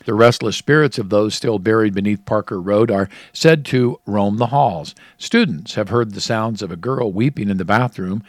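A man's voice: on the low side, normal speed, hardly any pauses, no room sound. Chatty man with a dry close sound. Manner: chatty, laughs often, reads out facts. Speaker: co-host. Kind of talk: casual radio chat reading trivia.

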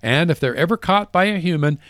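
A man's voice: fairly high pitch, animated, brisk, fairly bright tone, no room sound, clean studio sound. A man hosting a farm radio show, chatting casually and reading short segments in a folksy way. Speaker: radio host.

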